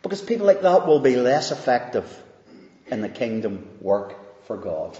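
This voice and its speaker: A man preaching a sermon, slow and emphatic, swinging from loud rises down to hushed, quiet lines. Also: medium pitch, very animated. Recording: dull, echoey hall recording.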